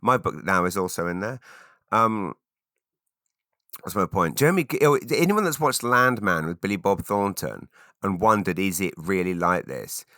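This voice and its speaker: A man's voice: fairly low pitch, big pitch swings, normal speed, long pauses, sharp tone, no echo, clean studio sound. A man in his forties hosting a solo podcast, chatting casually and rambling with lots of fillers and restarts. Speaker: podcast host.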